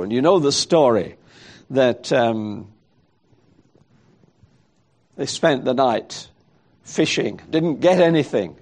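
Slow, gravelly-voiced male preacher. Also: fairly high pitch, darkish tone. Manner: reflective, thinks aloud with rhetorical questions. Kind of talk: sermon.

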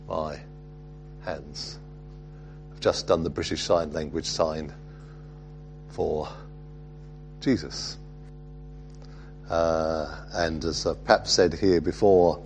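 A male preacher with a lowish voice delivers a reflective sermon, stopping often with small fillers. His pace is very unhurried. Soft music plays faintly underneath. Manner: reflective, halting, with frequent fillers.

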